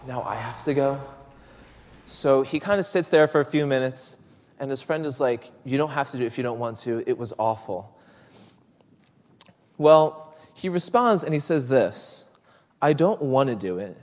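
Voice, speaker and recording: A preacher giving a sermon in a conversational, storytelling way, with small restarts. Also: male voice, mid-range voice, darkish tone, big-room sound.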